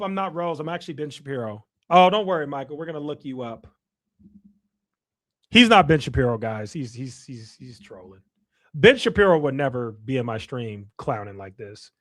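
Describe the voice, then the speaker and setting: A man's voice: on the high side, a bit bright. Chicago guy streaming, reading chat and trash talking for fun, voice jumps all over. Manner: teasing, playful trash talk to chat. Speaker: livestream host. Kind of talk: casual livestream chat reading comments.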